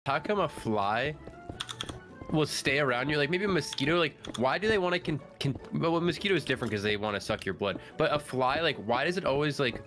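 A man's voice: a little high, animated, fairly quick, a bit bright, soft background music. A man on a gaming stream, rambling and musing with lots of fillers. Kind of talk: casual gaming stream chat.

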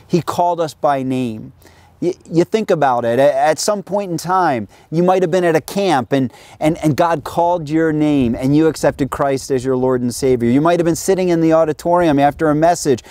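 American male pastor, outdoor sermon, slightly high voice, dry sound, stumbles and restarts. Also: darkish tone, no room sound. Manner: conversational preaching with frequent restarts. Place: outdoors near a sheep pen.

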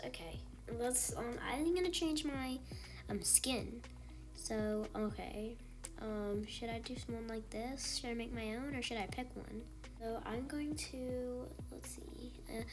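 A woman giving casual gameplay commentary in an excitable way, gasping and exclaiming often. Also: fairly high pitch. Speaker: gaming channel host.

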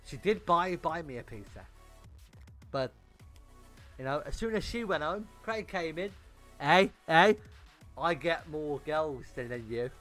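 A young man tells a story on a gaming livestream in a high, bright, sharp voice. He is animated and swears freely, stumbling over repeated words. Faint music plays underneath. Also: unhurried. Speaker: gaming streamer.

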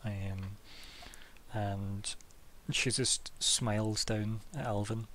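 A man narrating as game master of a tabletop game in a relaxed, soft-spoken way with many fillers, over a video call. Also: fairly low pitch, extremely slow, a little hiss or hum.

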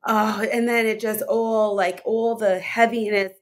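A woman's voice: medium pitch, flat delivery, unhurried. A woman health coach as an interview guest, talking enthusiastically and rambling with many fillers. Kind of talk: conversational interview.

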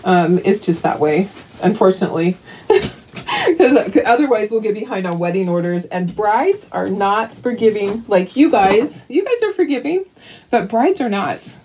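A woman's voice: mid-range voice, animated, normal speed, a little mellow, a little hiss or hum. Chatty older woman painting crafts. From Canada. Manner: chatty, laughs often, talks to viewers. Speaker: craft livestream host. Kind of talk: casual chat while painting crafts.

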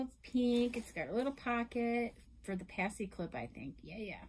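A young adult woman gushing in a casual unboxing vlog, emotional and effusive, at times dropping to a soft whisper. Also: fairly high pitch, animated, moderate pace, few pauses, a little hiss or hum, poor audio. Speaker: reborn doll collector vlogger.

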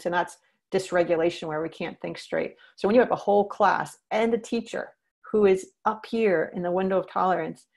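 A woman's voice: on the low side, steady tone, brisk, vocal fry, a little mellow. A woman leading a teacher training session, earnestly explaining and acting out what to say to students. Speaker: social-emotional learning trainer.

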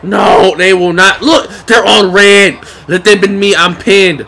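Frustrated by a wrestling game, a man talks to himself and the screen, cursing under his breath in casual gameplay commentary. His high-sitting voice stays steady and unhurried, sharp in tone with vocal fry.

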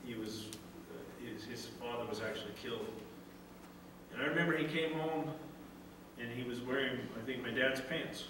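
A man's voice: mid-range voice, normal speed, background noise. Earnest preaching man in an echoey sanctuary. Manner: earnest, restarts phrases and shifts into quoted father's voice. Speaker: pastor. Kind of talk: sermon. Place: church sanctuary. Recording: echoey church sanctuary from far off.

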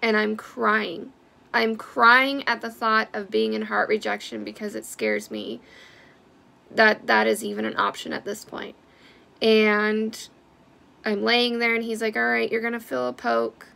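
A woman's voice: mid-range voice, unhurried, gravelly, bright, forceful tone. A woman giving a blunt, heated personal vlog update who swears freely. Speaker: vlogger sharing a personal health update.

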